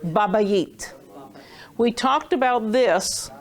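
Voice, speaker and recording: Woman, language teacher, playful, patient, slow delivery. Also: on the high side. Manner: patient, playful, drawn-out words when stressing. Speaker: Hebrew teacher. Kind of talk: classroom lesson.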